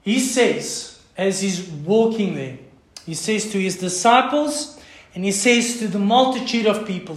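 A South African pastor preaches with a high-pitched voice, his passionate delivery dropping now and then into near whispers. The sermon rings out through a strongly echoing church hall. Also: a little slow. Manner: impassioned preaching, swinging from loud to hushed.

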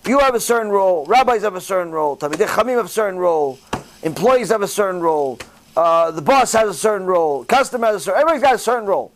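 A man giving a sermon as a rabbi, preaching directly to his listeners and acting out little dialogues as he goes. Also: high voice. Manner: animated storytelling, acting out dialogue in different voices.

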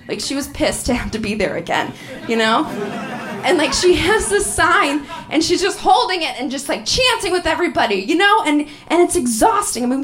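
A woman in her thirties doing a stand-up comedy set on stage, profane and animated, laughing through her punchlines. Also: high voice, slight background noise. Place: comedy venue with a live audience.

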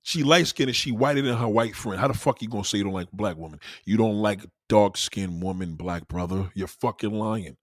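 A man's voice: lowish voice, brisk, hardly any pauses, no room sound, clean studio sound. A man doing a profane stand-up comedy routine on a club stage, acting out the voices he quotes.

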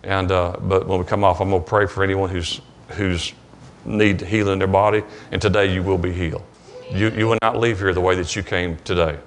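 A man preaching a conversational sermon at a church service, plain-spoken and storytelling, often clearing his throat. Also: low-pitched, little pitch movement, brisk, slight background noise.

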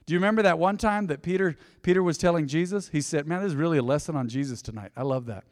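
Guy pastor giving a sermon, kinda high voice, talks casual and keeps asking the crowd stuff, long echoey church reverb. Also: quick pace, a little mellow. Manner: conversational preaching, asks the audience questions. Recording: long reverb of a large hall.

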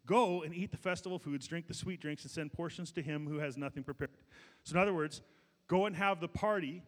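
A middle-aged male pastor preaching a sermon, swinging between loud peaks and quiet asides, with many restarts. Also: on the high side. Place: large church sanctuary. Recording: long hall reverb.

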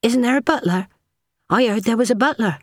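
Pitching her voice above her own natural range yet keeping it close to everyday speech, a woman plays a timid young sewing maid: meek, polite, and hesitant. She speaks briskly on the high side, in clean studio audio with no room sound.

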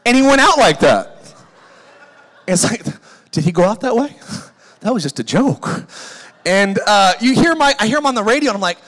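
A man in his forties from Southern California preaching a sermon, animated and jokey, acting out the voices of people in his stories. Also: extremely high pitch, normal speed. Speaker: pastor. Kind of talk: sermon with humorous storytelling. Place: large church hall. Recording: long church hall reverb.

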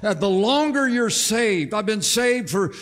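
An older man preaching an impassioned sermon to a conference crowd, with drawn-out exclamations. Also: sits high, lively intonation, fairly bright tone. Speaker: pastor. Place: large conference hall. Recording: long hall reverb.

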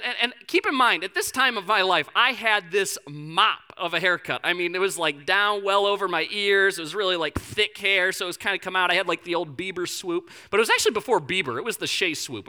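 A young man preaching a sermon to a congregation, a pastor telling funny personal stories and acting out quoted voices. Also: high voice. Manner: lively storytelling with humor and quoted voices.

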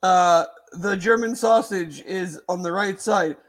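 A man's voice: high voice, slow pace. A man co-hosting a sports talk show, thinking aloud with lots of hedges, fillers and restarts. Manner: hedging, rambling, many fillers and restarts. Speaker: sports podcast co-host. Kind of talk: casual sports chat.

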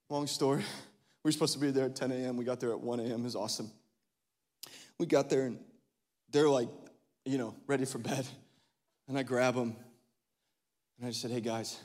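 A man in his thirties, a pastor preaching a lively sermon, swinging between loud exclamations and hushed asides and laughing often. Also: mid-range voice. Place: large church hall. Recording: long hall reverb.

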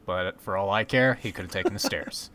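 A man's voice: low-pitched, a little fast, bright, forceful tone. A man co-hosting a casual podcast, telling stories with frequent laughs and swearing. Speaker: podcast co-host. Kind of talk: casual chat.

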